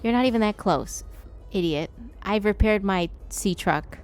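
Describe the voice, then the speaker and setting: A woman's voice: mid-range voice, unhurried, clear, resonant tone, soft background music. A woman streaming herself playing a video game, chatting playfully with her viewers and talking back at the game. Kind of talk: casual gameplay streaming.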